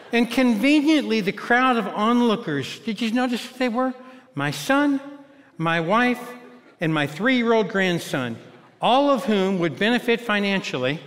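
Older American male pastor, sixties, high-pitched, wry self-mocking preaching style, reverberant auditorium sound. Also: fairly bright tone, slight background noise. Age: 60s. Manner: self-mocking storytelling, turning earnest. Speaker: teaching pastor. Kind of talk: humorous sermon. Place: large church auditorium.

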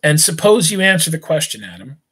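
A stern farmer father who lectures his grown son at the supper table, slow and deliberate, read aloud by a man in a slightly high voice. He reasons rather than shouts, every point laid out with care. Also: big pitch swings, breathy edge, full character voice.

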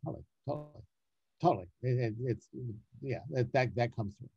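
A man, a casting director and writer, talking in a casual interview, animated and emphatic, often repeating words to stress a point. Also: medium pitch, fairly quick, gravelly, dull audio, a little hiss or hum.

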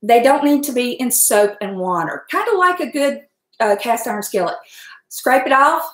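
A middle-aged woman, hosting a casual cooking stream from her home kitchen, folksy and chatty, laughing often and talking fast from nerves. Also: on the high side, expressive. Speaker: home cook and channel host. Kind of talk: casual cooking livestream chat. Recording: echoey kitchen room.

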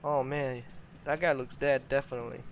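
A man's voice: medium pitch, steady tone, fairly quick, gravelly, dull audio, a little hiss or hum. A man with Russian as his first language giving live commentary while playing a game, talking to himself, exclaiming and chuckling often. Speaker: let's play gamer.

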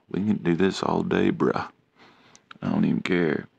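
A deep-voiced pet owner with a rough, gravelly, slightly mellow texture films himself pestering his cat, speaking slowly and drawn-out with fairly even intonation. He teases, nags, and repeats himself throughout this casual vlog, and the dull, lo-fi sound is close and dry with no echo.

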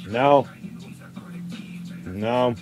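A man hosting a casual podcast chat over a call, giving slow, laid-back replies with short laughs. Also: mid-range voice. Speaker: podcast host. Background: music playing in the background.

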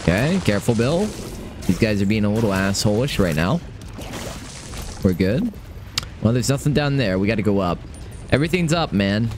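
A young man commentating his own game run, excitable and swearing, talking to himself. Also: on the low side, normal speed, pauses often, music in the background. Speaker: gaming streamer. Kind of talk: live let's-play commentary.

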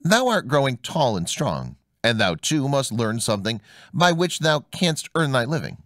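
A man's voice: mid-range voice, sing-song, moderate pace, fairly bright tone, no room sound, clean studio sound. A man doing an exasperated old father. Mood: lecturing. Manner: scolding, old-fashioned speech.

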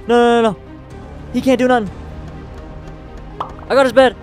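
Excitable young gamer guy. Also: very high-pitched, normal speed, faint music behind. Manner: excitable, trash-talking, laughs often. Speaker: gaming YouTuber. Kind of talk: casual gameplay commentary.

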